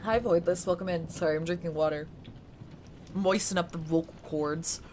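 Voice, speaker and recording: Excitable, incredulous woman streamer. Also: lowish voice, normal speed, slight background noise. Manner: excitable, incredulous, swears casually. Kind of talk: live-stream reading and chat.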